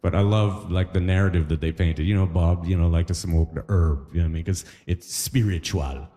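A man performing a chatty, animated stand-up comedy set in front of a live audience. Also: low-pitched, a little fast. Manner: animated, chatty, frequent "you know what I mean". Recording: live hall with long reverb.

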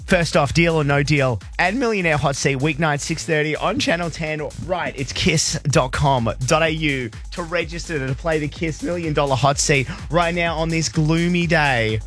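A man hosts a radio quiz with a croaky, high-pitched voice. He talks loud and upbeat and fires off questions quickly. A faint music bed plays under him. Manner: loud, upbeat, rapid-fire question reading. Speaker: radio host. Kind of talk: hyped-up radio quiz hosting.

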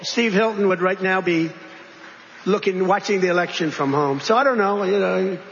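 A man's voice: high-pitched, normal speed, vocal fry, fairly bright tone, slight background noise. A man giving a rambling political speech, full of repetitions and conversational asides. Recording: reverberant hall, dull lo-fi sound.

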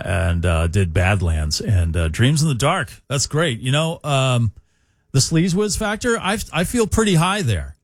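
A man's voice: medium pitch, dry recording. Jokey male radio DJ. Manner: jokey, animated, reads listener texts. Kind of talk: casual radio chat. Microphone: studio mic. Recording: dry studio sound.

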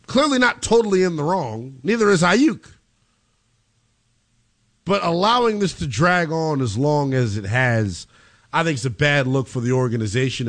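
A man's voice: on the high side, a bit bright. Opinionated male sports radio host. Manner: opinionated, measured. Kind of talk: sports talk radio commentary.

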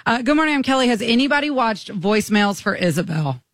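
A woman co-hosting a morning radio show, telling stories in an animated, gushing way. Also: a little high, quick pace, no echo, clean studio sound. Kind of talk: casual chat.

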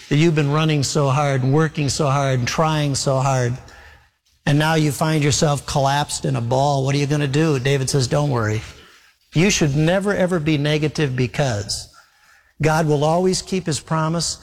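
A man preaching a sermon, telling a story and acting out its dialogue. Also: fairly high pitch. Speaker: pastor. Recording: long hall reverb.

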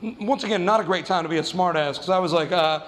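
Stand-up man, high voice, profane self-mocking storyteller, reverberant hall. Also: fast talker, very noisy. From New Mexico. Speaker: stand-up comedian.

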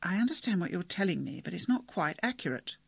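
Composed woman lawyer, level and patient, pitched up a touch, read by a man. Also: very animated, fast, creaky, fairly bright tone, breathy edge, dry recording, exaggerated voice. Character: calm, composed female lawyer.

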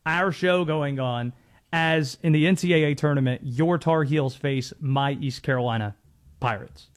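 A man's voice: fairly high pitch, normal speed. A man in his thirties hosting sports talk radio in a chatty, amused way with rambling asides.

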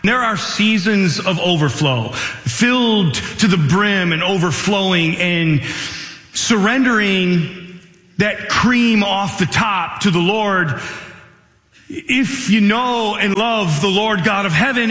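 Male pastor delivering a sermon; measured, earnest, acts out quotes; roomy reverberant hall. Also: sits high, expressive, fairly bright tone. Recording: echoey hall with long reverb.

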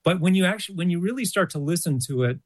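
A man's voice: high voice, lively intonation, rapid-fire, no echo. A man, a college jazz orchestra co-director, answering interview questions thoughtfully, with frequent fillers and restarts. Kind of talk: radio interview.

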